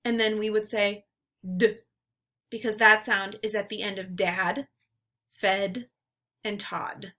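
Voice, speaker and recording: Woman teacher, bright voice, slow deliberate delivery for a phonics drill. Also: medium pitch, level tone. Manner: slow, clearly enunciated word drills. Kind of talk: phonemic awareness lesson drill.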